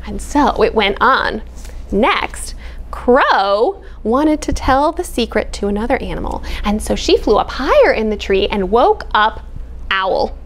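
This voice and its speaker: A children's librarian reads a picture book aloud, her voice high and swinging in sing-song arcs. She takes her time, unhurried and expressive.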